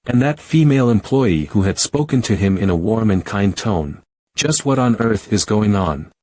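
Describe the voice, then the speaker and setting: A man giving a first-person story recap narration in a steady, even reading. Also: on the low side, normal speed, no room sound.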